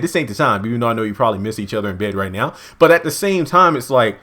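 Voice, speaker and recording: A man casually recapping a TV episode at home, lively and acting out characters' lines in high voices. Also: quick pace, few pauses. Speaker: TV show reviewer. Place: home, indoors.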